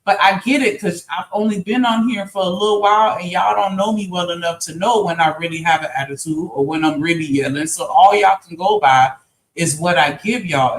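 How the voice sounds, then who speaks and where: A man's voice: high voice, fairly bright tone. A man on a live-stream panel, explaining himself earnestly and at length in casual talk. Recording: roomy echo.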